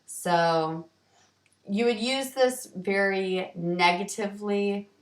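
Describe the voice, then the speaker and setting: Slow-talking woman teacher, roomy room. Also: mid-range voice. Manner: slow, explanatory, with ums and restarts. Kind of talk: vocabulary lesson walkthrough. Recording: roomy, distant from the mic.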